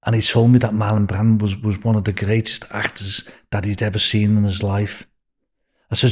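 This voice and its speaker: A man's voice: fairly low pitch, flat delivery, a little fast, breathy edge. An older man with a Liverpool accent, a podcast guest telling long anecdotes with restarts and swearing. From England. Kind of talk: storytelling in a podcast interview.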